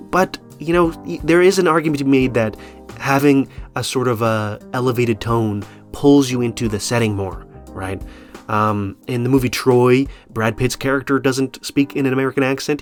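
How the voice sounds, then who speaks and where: A man in the middle of the usual pitch range for a man, talking through a film trailer in a loose, conversational way. He hesitates often with ums and uhs, and faint music plays underneath his voice. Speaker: film commentator. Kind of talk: casual video commentary.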